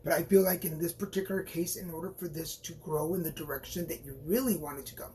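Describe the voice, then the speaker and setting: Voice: medium pitch, fast, warm tone, slight background noise. A tarot reader doing a live-stream reading for viewers, chatty and rambling, with frequent restarts and playful asides, encouraging and reassuring, recorded on a phone.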